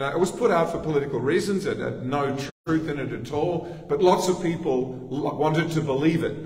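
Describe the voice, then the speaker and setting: A man's voice: mid-range voice, darkish tone. A man with an Australian accent preaching a sermon in a conversational way, with asides to the congregation. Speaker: pastor. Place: church sanctuary. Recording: echoey church hall, distant mic.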